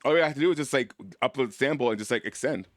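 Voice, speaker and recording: A man's voice: mid-range voice, racing, no room sound. A man livestreaming, chatting casually and playfully with his viewers in a rambling way. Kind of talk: casual chat over a live broadcast.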